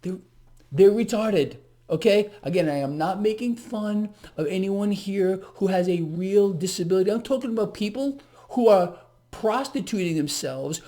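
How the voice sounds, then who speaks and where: A man's voice: high-pitched, mellow. A man hosting a solo market commentary, ranting in an agitated, sarcastic, mocking way.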